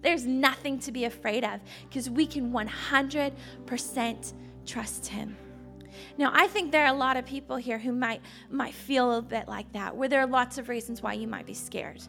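A woman with a high voice speaks to children in a sermon, asking them questions and then settling into a gentle, earnest tone. Faint music plays softly behind her. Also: normal speed, creaky. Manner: lively and questioning at first, then soft and earnest. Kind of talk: children's sermon to a live audience.

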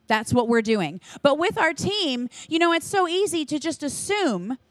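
A woman giving a conference talk to church leaders in an energetic, earnest, chatty manner with quick asides. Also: high-pitched, dry recording. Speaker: church children's ministry leader speaking to leaders.

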